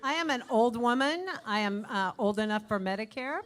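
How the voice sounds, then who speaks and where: A woman in her sixties, a comedian guest, trading deadpan, dry jokes in live banter on a comedy club stage. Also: a little high, moderate pace. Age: 60s.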